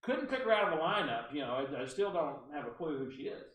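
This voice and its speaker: A man, giving a training talk to real estate agents as an animated storyteller with frequent asides to the room. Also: fairly high pitch, quick pace, far from the mic. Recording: roomy room, voice off-mic.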